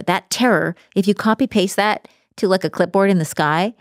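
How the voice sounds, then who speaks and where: A woman speaking as a relationship coach in a casual podcast conversation, animated and acting out the voices she quotes. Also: medium pitch, normal speed, hardly any pauses, dry recording, clean studio sound.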